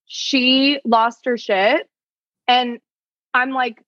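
A woman, an attorney, telling stories in a fast, animated way, with lots of "like", as a guest in a casual podcast chat. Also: mid-range voice, no echo, muffled recording. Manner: fast, animated storytelling full of "like".

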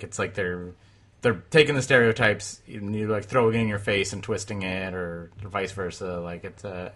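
A man rambles through a casual podcast chat about movies. His voice is bright and forward, and his sentences tumble over each other with fillers and quick laughs. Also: on the low side. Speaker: podcast host.

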